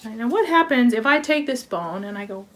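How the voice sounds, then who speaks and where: A woman's voice: on the high side, expressive, a little fast, a bit bright. A woman from a wellness team telling a playful teaching story, acting it out with props and little voices. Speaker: wellness educator. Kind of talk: storytelling lesson.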